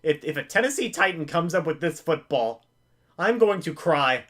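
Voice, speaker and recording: A man with a fairly high voice hosts a live reaction to a game. He calls the plays excitedly and begs the players not to mess up. He jokes about the pain of losing. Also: moderate pace. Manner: excitable, pleading with players, self-mocking humor. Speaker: live-stream reaction host.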